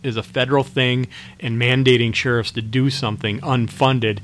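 A middle-aged county sheriff answers questions in a radio interview, speaking haltingly with many restarts and fillers. His medium-pitched voice is fairly even and a bit bright, with slight background noise.

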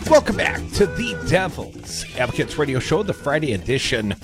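A man's voice: a little high, big pitch swings, normal speed, music in the background. A middle-aged man hosting a radio talk show, bantering and teasing his co-host with frequent laughs. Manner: joking, teasing, laughs often. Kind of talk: casual on-air banter.

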